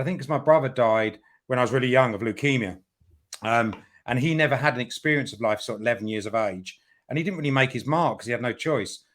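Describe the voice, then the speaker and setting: A man from Aldershot with a Cockney-like southern English accent, a guest in a casual interview, blunt and plain-spoken, swearing freely. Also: mid-range voice. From Aldershot, England. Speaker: guest, builder and journalist.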